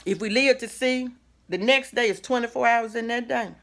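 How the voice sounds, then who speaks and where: Speaking to camera as host, a middle-aged woman gives a casual, folksy motivational talk with a preacherly flavor. Her voice is a little high and her pace moderate, and she fills the talk with asides and rhetorical questions.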